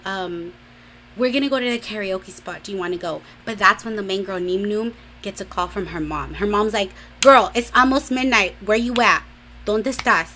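A woman's voice: mid-range voice, fairly bright tone, slight background noise. A young woman from a Mexican-American home, casually retelling a drama episode in a gossipy way, full of fillers and acted-out quotes. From Mexican-American household. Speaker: drama recap vlogger. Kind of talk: casual chatty drama recap.

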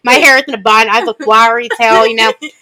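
A woman's voice: fairly high pitch, fairly even intonation, quick pace, bright, forceful tone, slight background noise. A woman co-hosting a podcast, telling a story in casual chat, brash and profane, acting out other people's lines. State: wears hearing aids. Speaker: podcast co-host.

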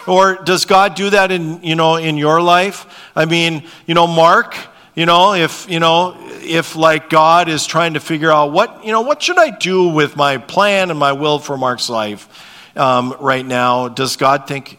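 A man's voice: a little high, a little slow, smooth. Guy pastor preaching, reads the bible story then chats with the people, long church echo. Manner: conversational, asks the congregation questions by name; reads dialogue with lively shifts. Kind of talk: sermon with scripture reading. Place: church sanctuary. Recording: long hall reverb.

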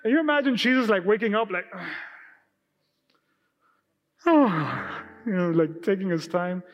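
Animated high-voiced preacher in a hall. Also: male voice, quick pace, highs cut off. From Hispanic heritage, Spanish speaker. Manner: casual, animated preaching with acted-out quotes. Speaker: pastor. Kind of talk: sermon. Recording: live church hall with reverb and faint music.

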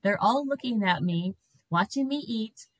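A middle-aged woman guest telling a personal story in an animated way, breaking into laughter. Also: mid-range voice, normal speed, dry recording, low-quality recording.

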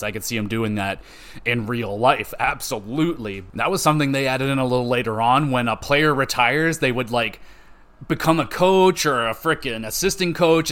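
A man hosting a podcast, chatting casually and with lots of swearing, acting out quoted voices. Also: medium pitch. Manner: animated, profane, acts out quoted voices. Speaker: podcast host.

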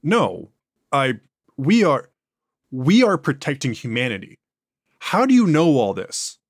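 A man's voice: medium pitch, very animated, unhurried, no room sound, studio quality. A man doing an earnest, reasoning interrogator. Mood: alarmed. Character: patient male interrogator losing his nerve.

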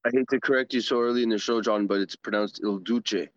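A man's voice: medium pitch, steady tone, fast talker, muffled recording. A man co-hosting a livestream in casual chat, chatty and teasing with frequent laughs. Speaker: co-host.

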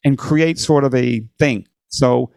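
A man's voice: medium pitch, takes it slowly, vocal fry, darkish tone, clear, resonant tone, dry recording. Guy musician rambling thru old stories, lots of you know, dry close sound. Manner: loose, rambling, uses "you know" and "like" often. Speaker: guest musician. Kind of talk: casual storytelling interview.

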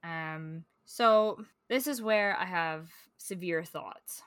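Bright-voiced woman in rambling chat. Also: on the low side, slow, smooth, no room sound, studio quality. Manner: rambling, filler-heavy, animated storytelling. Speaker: podcast co-host. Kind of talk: casual book-club chat.

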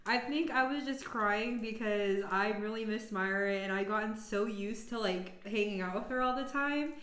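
A woman's voice: mid-range voice, moderate pace, a bit bright, echoey room. A woman talking as a podcast guest in casual chat, earnest and grateful, with frequent giggles.

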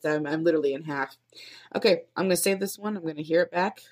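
Talking quickly in a low-pitched, slightly mellow voice, a young woman in her twenties runs through podcast intros on her own. She tries upbeat openers, then thinks aloud and comments on them, hoping to become a podcast host.

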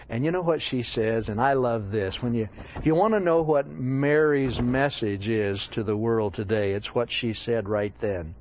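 A man's voice: medium pitch, normal speed. A man preaching as a Bible teacher, telling stories with humor and self-deprecating asides. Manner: animated, self-deprecating, chuckling often. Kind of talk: humorous sermon storytelling. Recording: dull lo-fi dry recording.

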